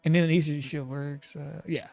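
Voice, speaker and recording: A game streamer giving casual live gameplay commentary, animated and laughing, often trailing off and restarting mid-sentence. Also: medium pitch, normal speed, gravelly, soft background music.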